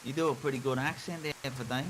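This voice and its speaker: A man's voice: mid-range voice, fairly even intonation, quick pace. A man chatting casually over game voice chat, swearing freely and laughing easily. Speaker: game player and channel host. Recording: loud background noise.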